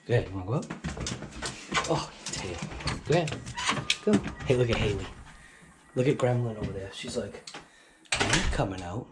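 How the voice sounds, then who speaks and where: A man's voice: on the low side, expressive, normal speed, pauses often. A man vlogging casually outdoors in a snowy driveway, talking to himself and laughing often. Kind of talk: casual self-talk vlog. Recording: loud outdoor wind and vehicle noise.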